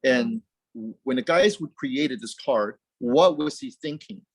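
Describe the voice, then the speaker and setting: Animated man, dry close sound. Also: medium pitch, a little slow, husky, no echo. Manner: animated, rambling with frequent restarts and repeated words. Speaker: guest, car company founder. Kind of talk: casual interview chat.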